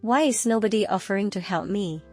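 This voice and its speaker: A woman's voice: mid-range voice, a little fast, natural voice. A woman playing a bewildered tourist woman who asks puzzled questions, with faint music behind.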